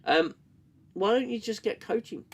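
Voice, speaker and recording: A man's voice: sits high, moderate pace, creaky, slightly rough. A man hosting a live-stream review, sarcastic and swearing, interrupted by coughing fits. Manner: sarcastic, swears, reads chat and mocks scenes. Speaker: host reviewing a TV show. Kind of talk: casual live-stream commentary.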